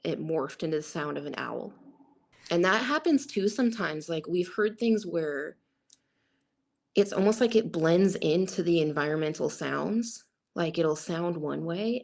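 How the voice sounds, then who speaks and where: A woman's voice: sits low, vocal fry, darkish tone. A woman guest recounting a personal encounter in a rambling way, full of "like" and quoted asides.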